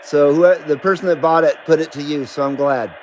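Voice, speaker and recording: High-voiced laid-back man chatting live. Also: brisk, darkish tone, a little hiss or hum, low-quality recording. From Nevada, US. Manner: laid-back, rambling, swears and laughs often. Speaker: CB radio livestream host. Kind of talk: casual live-stream chat.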